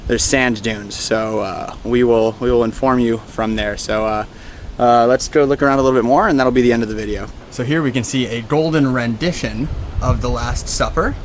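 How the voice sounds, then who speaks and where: Here the American vlogger's voice sits in the mid-range, with slight noise behind it. Breathless outdoors on a hot hill in a seaside town, he keeps up a rambling, self-mocking travel commentary.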